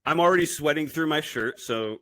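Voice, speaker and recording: A man's voice: fairly high pitch, a little fast, fairly bright tone, no room sound. Man, podcast co-host, teasing dry humor, dead dry sound. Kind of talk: casual chat.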